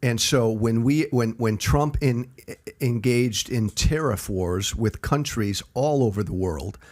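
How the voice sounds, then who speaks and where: A male podcast guest holds his ground in a debate, talking over the host to make his point. His voice sits in an everyday middle pitch. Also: slow, darkish tone. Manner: insistent, talks over the host.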